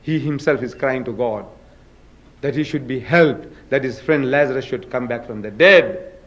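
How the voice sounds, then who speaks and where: A man's voice: mid-range voice, normal speed, a bit bright, highs cut off. A man giving an emphatic public debate lecture, firing rhetorical questions at the audience and dramatizing quotes. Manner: dramatic, acts out scripture quotes. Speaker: speaker in a religious debate.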